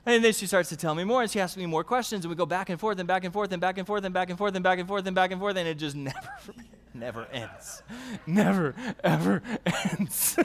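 A middle-aged male pastor preaching a sermon, telling family stories with animated, repetitive, building phrases in a church service. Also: high voice, in a large hall.

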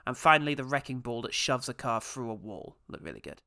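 A man co-hosting a relaxed film podcast. He runs through his favourite scenes one by one and chuckles often. His voice is bright and forward, with a smooth, clean clarity. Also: medium pitch, fairly quick. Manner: listing points, chuckling often. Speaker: podcast co-host. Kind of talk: casual film review chat.

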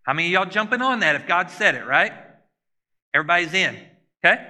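A man's voice: high-pitched, very animated, quick pace, sharp tone, big-room sound. A man preaching a sermon to a congregation in a conversational style, often putting questions to them. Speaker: pastor.

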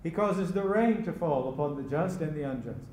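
A man preaching a sermon as pastor, slow and emphatic, repeating key phrases. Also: a little high, expressive, a little mellow. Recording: echoey room with faint ambience.

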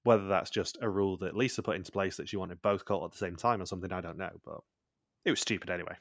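A man's voice: deep voice, quick pace, no echo, clean studio sound. A man co-hosting a podcast, recapping a TV show in casual chat, blunt and swearing freely. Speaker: podcast co-host.

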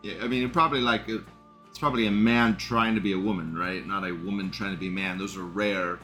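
A man's voice: on the low side, steady tone, brisk, bright, forceful tone, soft background music. A man hosting a live stream, reading chat comments aloud and commenting in a rambling, indignant way, swearing and laughing often.

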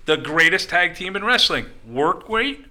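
A man telling a story as a podcast guest in a casual chat, animated and rambling, with frequent restarts. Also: high voice, unhurried.

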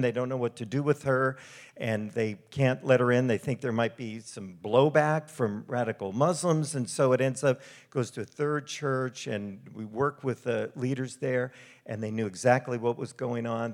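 A middle-aged man, a missionary ministry speaker, giving a storytelling sermon with slides in an animated, conversational way. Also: mid-range voice.

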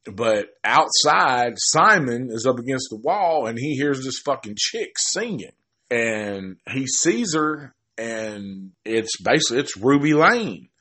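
A man's voice: mid-range voice, very animated, bright, forceful tone. Rambling, foul-mouthed man recapping a film. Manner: rambling, swears heavily, restarts often; acts out characters' lines in quick quoted asides. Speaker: film reviewer. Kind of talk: casual profane film recap.

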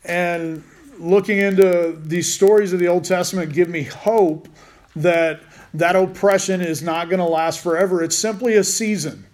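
A man's voice: high-pitched, steady tone, normal speed, darkish tone. A man teaching a Bible study in a casual way, with rambling, joking asides.

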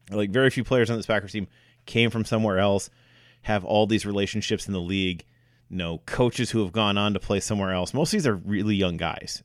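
Low-voiced man in casual sports chat. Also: no echo, studio quality. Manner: hesitant, many fillers and restarts. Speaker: sports podcast co-host.

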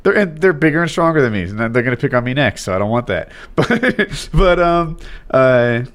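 A man talking in loose podcast chat, his voice rising and falling a great deal. He rambles and stops himself, laughing often between thoughts. His pitch sits in the ordinary middle for a man. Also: very animated, moderate pace, fairly bright tone. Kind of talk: casual chat.

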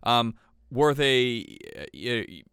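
A man's voice: mid-range voice, sing-song, drawn-out words, fairly bright tone, clean tone, no echo. Male podcast host, casual rambling delivery, mid-range voice, dry close sound. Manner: chatty, rambling, gets worked up.

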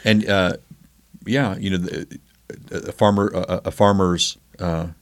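A man co-hosting a casual podcast, hesitant and halting, then warming into enthusiastic chatter. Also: sits low, steady tone. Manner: hesitant, many restarts and fillers, then bursts of laughing enthusiasm. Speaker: podcast co-host.

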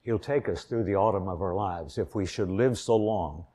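An older man from Indiana preaching an earnest sermon, telling a personal story and swelling louder on key points. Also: low voice, normal speed, breathy edge.

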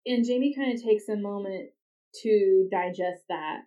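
A woman's voice: mid-range voice, measured pace, dark tone. A woman hosting a podcast, recapping a TV episode in casual chat with chatty, exasperated asides. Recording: dull, slightly distant lo-fi recording.

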